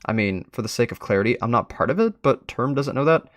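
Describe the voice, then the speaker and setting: A man's voice: mid-range voice, animated, fast talker, no echo. A man hosting a live read-through, commenting in an amused, chatty way. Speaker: web series explorer and host.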